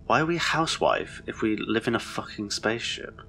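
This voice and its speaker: A man's voice: medium pitch, brisk, vocal fry, sharp tone, slight background noise. A man giving rambling, confused, sweary commentary as he plays a horror game. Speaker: let's play host. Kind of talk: gameplay commentary.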